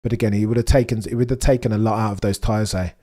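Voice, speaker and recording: Excitable man commentating live. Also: lowish voice, racing. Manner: excitable, chatty, British slang, talks to chat. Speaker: livestream host. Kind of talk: live race watchalong commentary.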